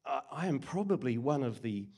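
Older New preacher, lively delivery. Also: male voice, medium pitch, normal speed, creaky. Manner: earnest, conversational, with hesitations. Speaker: guest preacher. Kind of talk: sermon.

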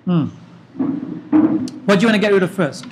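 A man's voice: high-pitched, moderate pace, very noisy. A man tutoring algebra in a classroom, asking probing questions and correcting terms. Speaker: maths teacher.

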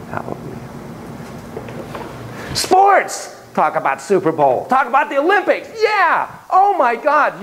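A man lecturing a class with a theatrical, animated delivery. He swings from hushed remarks to loud exclamations and keeps asking the students questions. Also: high-pitched, poor audio.

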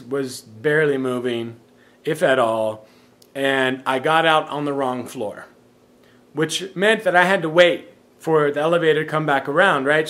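A man telling everyday stories in a casual vlog, rambling and self-amused, often laughing at his own jokes and trailing off softly at the ends of thoughts. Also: fairly high pitch. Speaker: vlogger.

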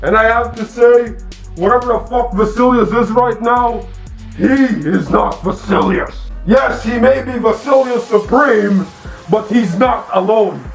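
A man with a notably high voice delivers an angry, profane in-character rant for his channel. He speaks slowly in short, repeated, declamatory phrases, often halting and restarting mid-thought. Faint music plays underneath. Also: vocal fry. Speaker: online channel host. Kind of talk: in-character online lore rant.

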